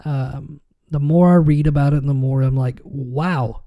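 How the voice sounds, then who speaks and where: A man's voice: a little high, steady tone, moderate pace, gravelly, warm tone. A man hosting a podcast in casual chat, rambling with many fillers and restarts, his nose a little stuffy. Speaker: podcast host.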